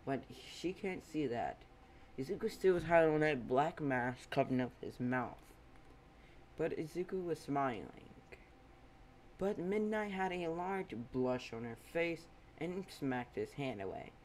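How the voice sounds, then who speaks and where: Slow, rambling male storyteller. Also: fairly high pitch, animated, slight background noise. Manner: rambling, offhand asides. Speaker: fan fiction narrator. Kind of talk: casual storytelling.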